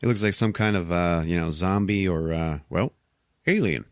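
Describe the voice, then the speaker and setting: Dude hosting a movie podcast, kinda low voice, swears a lot telling the plot, dead dry mic. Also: male voice, normal speed, dry recording. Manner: animated retelling, profane, laughs often. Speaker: podcast host. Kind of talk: casual movie recap chat.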